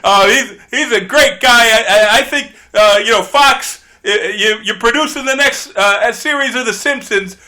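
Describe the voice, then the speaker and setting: A man's voice: extremely high pitch, normal speed, few pauses, sharp tone. Sex: man. Role: podcast guest host. Style: casual comedic chat. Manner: rambling, brash, laughing.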